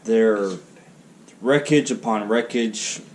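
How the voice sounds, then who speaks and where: A man's voice: lowish voice, slow pace, a little hiss or hum. A man narrating as game master of a tabletop role-playing game, joking and laughing often.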